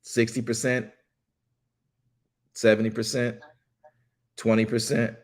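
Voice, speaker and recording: A man preaching a sermon, chatting and joking with his congregation in colloquial speech, then reading scripture slowly and emphatically. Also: medium pitch, little pitch movement. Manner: playful, teasing banter with the congregation; reads scripture slowly and emphatically, repeating lines.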